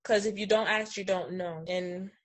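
A woman's voice: mid-range voice, fairly even intonation, normal speed, slight background noise. Earnest woman giving advice over a call. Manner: earnest, repeats points. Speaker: guest. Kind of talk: casual advice. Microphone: video call.

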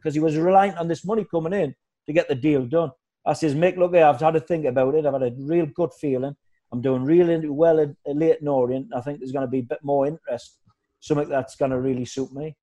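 A man's voice: a little high, a little fast. A man telling football stories in casual chat, acting out other people's voices. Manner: animated anecdotes, acts out shouting voices. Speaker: former footballer guest.

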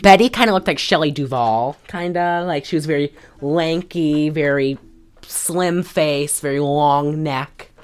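A woman's voice: low voice, measured pace, clean tone. A woman co-hosting a podcast, recapping a movie in rambling casual chat full of fillers and laughs. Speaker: podcast co-host.

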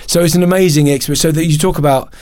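A man, a podcast guest, telling a candid personal story in an animated, emotional way, often restarting and laughing at himself. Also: a little high, rapid-fire, dry recording, clean studio sound.

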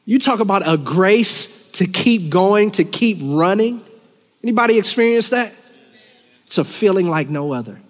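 A man leading worship, giving an earnest, emotional sermon in a church, with halting restarts. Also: sits high, animated. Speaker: worship leader. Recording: long church hall reverb.

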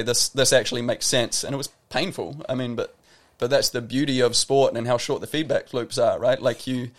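Reflective New Zealand man telling stories. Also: mid-range voice. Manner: reflective storytelling, lots of "like" and restarts. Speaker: guest, professional tennis player. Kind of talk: casual podcast interview.

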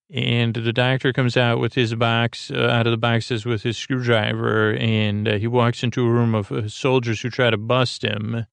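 A man's voice: mid-range voice, gravelly, clean tone, dry recording. A man hosting a sleep podcast, casually retelling a story in a meandering way full of "uh" and "like". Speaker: podcast host.

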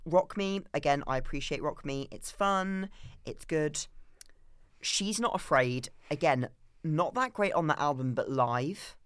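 A man's voice: on the high side, unhurried, fairly bright tone, smooth, no echo, clean studio sound. A man co-hosting a podcast in casual chat, gushing with effusive praise. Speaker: podcast co-host.

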